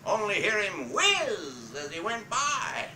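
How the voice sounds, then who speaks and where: Guy putting on a folksy old humorist, drawly, pitch bouncing all over, roomy far-off home video. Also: wildly swooping pitch, pushed and bright, a little hiss or hum, full character voice. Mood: wry. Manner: drawling, dry storyteller with "uh" and "oh" pauses. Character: folksy old male 19th-century humorist spinning tall tales. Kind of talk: tall-tale performance. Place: family home.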